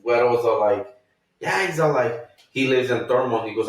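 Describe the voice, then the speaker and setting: A man's voice: mid-range voice, a little fast. A man chats loosely on a podcast, swearing freely and acting out what others said. He sits back from the mic, so his voice comes through distant. The room around him is very echoey. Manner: swearing, storytelling with acted quotes. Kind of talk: casual chat.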